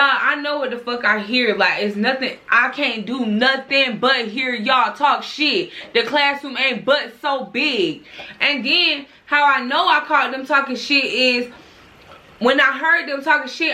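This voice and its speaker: A young woman chatting through a storytime vlog, lively and full of swearing, jumping into other people's lines as she tells it. Her voice sits a little high and rings bright and forceful. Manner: animated, profane, acts out dialogue. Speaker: vlogger telling a story. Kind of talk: casual storytime chat.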